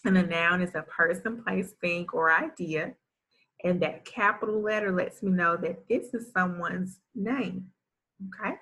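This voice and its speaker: A woman's voice: lowish voice, measured pace, bright, forceful tone, breathy edge. A woman teaching a first grade phonics lesson, sounding out letters one at a time and praising often. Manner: encouraging, gives frequent praise.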